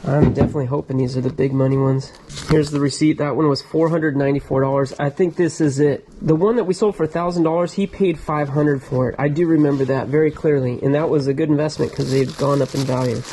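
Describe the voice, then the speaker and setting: A man hosting a vlog who excitedly shows off his storage locker finds and thinks aloud as he goes, recorded on a camera inside a storage locker. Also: on the high side, quick pace, slight background noise, low-quality recording. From United States. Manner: enthusiastic, thinks aloud, drops into whispers. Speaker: storage locker reseller and channel host. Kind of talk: casual vlog, excited show-and-tell of finds. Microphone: GoPro camera.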